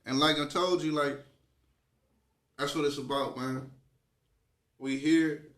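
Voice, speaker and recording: A man's voice: on the high side, steady tone, slow, fairly bright tone. A man hosting a podcast, talking in an emphatic, repetitive, rallying way in a casual conversation. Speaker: podcast host.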